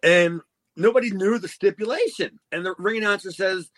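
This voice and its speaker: High voiced dude cohosting a podcast, rambling stories, swears a lot. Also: male voice, normal speed, a bit bright. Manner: storytelling, swears freely, laughs often. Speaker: podcast co-host. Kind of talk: casual chat.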